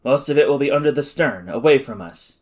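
A man's voice: medium pitch, animated, brisk, darkish tone, close to an everyday voice. Man playing a commanding officer, urgent orders, clipped, audiobook reading. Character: commanding male officer in a crisis.

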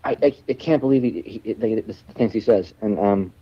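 Low-voiced musician guy, rambly story, lots of "like", kinda muffled audio with faint hiss. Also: moderate pace. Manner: rambling, lots of restarts and fillers, laughs while telling. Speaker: guest musician. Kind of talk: casual storytelling in a podcast interview.

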